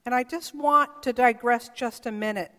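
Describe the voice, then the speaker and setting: A woman's voice: on the high side, normal speed, fairly bright tone, in a large hall. A woman pastor preaching a sermon, earnest and storytelling, acting out quoted voices as she speaks.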